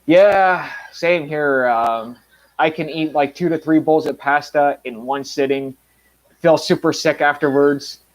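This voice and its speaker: A Canadian reviewer with a mild accent talks casually to his viewers, rambling with lots of ums, restarts, and blunt remarks. His voice is a little high and measured in pace, and the audio is poor.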